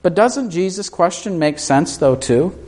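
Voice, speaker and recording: A man preaching with a slightly higher voice than most men. He keeps asking his listeners questions and voices the people in the story himself. He moves between hushed moments and raised, urgent ones. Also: expressive, a little slow. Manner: asks the congregation questions, acts out quoted voices. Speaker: pastor. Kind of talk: sermon.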